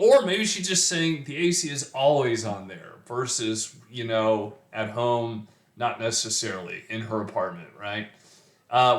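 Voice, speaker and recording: A man's voice: mid-range voice, expressive, a little slow. Man, middle-aged, casual poetry talk, rambling with restarts, echoey room. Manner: rambling, thinking aloud with many fillers and restarts. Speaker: poetry teacher.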